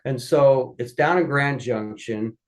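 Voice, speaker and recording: A man's voice: mid-range voice, takes it slowly. A man, a podcast guest, casually telling family stories and animatedly acting out the people he quotes. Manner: animated, acts out quoted voices. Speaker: guest recounting family history. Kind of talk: casual storytelling.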